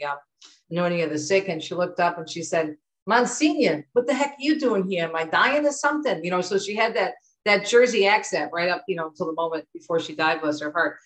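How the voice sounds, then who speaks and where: A middle-aged woman from the United States with a lowish voice talks as an interview guest. She tells stories in a lively, chatty way. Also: fast talker, poor audio. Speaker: author and guest. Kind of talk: conversational interview.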